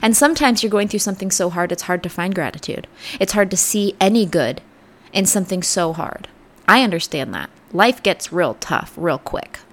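A woman hosting a podcast, giving an earnest, reflective motivational talk that sometimes drops to soft near-whispers. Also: fairly low pitch, animated, moderate pace. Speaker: podcast host. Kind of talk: motivational self-help talk.

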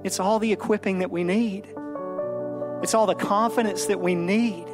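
This pastor, a man in his thirties, has a high voice with fairly even intonation and speaks at a normal speed. He delivers an earnest sermon at a church service, telling a story to drive his point home while soft music plays behind him.

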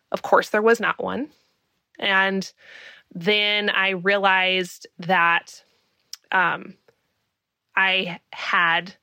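A woman's voice: mid-range voice, pushed and bright, dry recording. A woman in her thirties from the United States, hosting a podcast and telling a personal story in a chatty, laughing, self-deprecating way. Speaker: podcast host. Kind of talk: casual storytelling monologue.

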